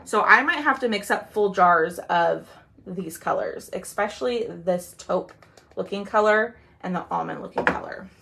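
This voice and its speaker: A woman with an animated, creaky mid-range voice talks over a noisy background. She's chatting casually with livestream viewers while demonstrating a craft during a live sale. She's chatty, with many "um"s and drawn-out "y'all"s.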